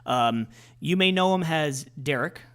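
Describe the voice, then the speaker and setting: An upbeat male podcast host from Newark, California, introducing his guest. His voice sits a bit high for a man. He talks casually and with energy. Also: expressive, measured pace, fairly bright tone, clean tone.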